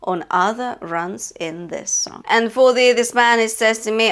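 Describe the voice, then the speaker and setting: A woman's voice: fairly high pitch, measured pace, few pauses, fairly bright tone. A woman vocal coach teaching a singing lesson, encouraging and breaking in with short sung demonstrations. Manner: encouraging, demonstrates sung phrases between explanations.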